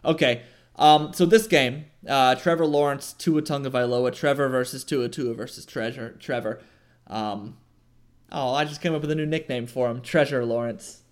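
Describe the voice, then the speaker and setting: A man's voice: mid-range voice, normal speed. A man co-hosting a casual sports podcast, joking around and often stopping to correct himself. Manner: self-correcting, joking, hesitant. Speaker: podcast co-host.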